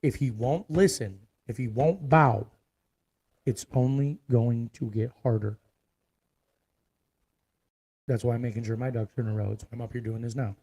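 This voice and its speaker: A man delivering a profane, forceful rant to his viewers, repeating lines for emphasis. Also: medium pitch, brisk, husky, rough recording. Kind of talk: ranting video monologue.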